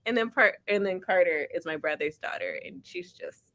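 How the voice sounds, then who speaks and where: A woman's voice: lowish voice, animated, normal speed, fairly bright tone. A woman hosting a casual reading-sprint stream from home, chatting in a rambling way and laughing often. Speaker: livestream host.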